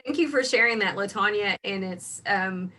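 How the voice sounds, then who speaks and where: A woman's voice: medium pitch, moderate pace, bright, forceful tone. A woman hosting an interview, thanking her guest and asking affirming questions. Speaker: interview host. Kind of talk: conversational interview.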